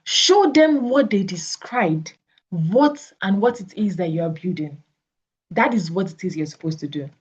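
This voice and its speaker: A woman's voice: mid-range voice, lively intonation, a little slow, husky. A woman with a Nigerian English accent coaching on sales conversations, acting out both sides of the talks she describes. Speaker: network marketing coach. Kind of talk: coaching talk with acted example dialogues. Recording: slightly dull lo-fi audio.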